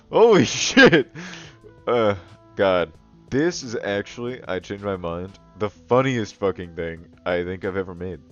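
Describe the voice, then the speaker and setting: A man giving comedic, crude commentary while drawing, laughing often and calling himself the Goblin King as he talks to viewers. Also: low voice. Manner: crude, profane jokes and frequent laughing; self-styled Goblin King persona talking to viewers. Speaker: digital artist and video host. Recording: dull lo-fi recording with faint music.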